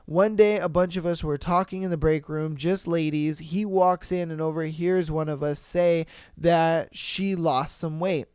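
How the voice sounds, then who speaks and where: High-voiced animated man reacting. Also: measured pace, hardly any pauses, smooth, no echo, studio quality. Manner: animated, profane, incredulous reactions. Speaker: podcast host. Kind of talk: casual commentary reading stories.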